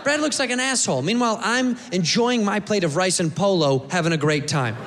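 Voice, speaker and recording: A man doing stand-up, telling a story with lively put-on voices. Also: high voice, fairly quick. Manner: animated, puts on voices in his stories. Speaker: stand-up comedian. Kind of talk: stand-up set. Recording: live room with long reverb and noise.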